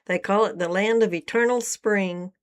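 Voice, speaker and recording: A woman voicing a wary middle-aged male traveler who gives quiet, guarded warnings in a storybook reading. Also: medium pitch, normal speed, close to an everyday voice.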